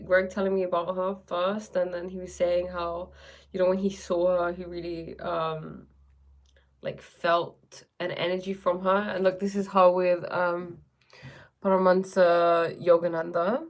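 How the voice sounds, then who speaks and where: A woman's voice: on the low side, little pitch movement, moderate pace. A woman chatting casually on a livestream, rambling with many fillers and reading viewer comments aloud. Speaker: livestream host.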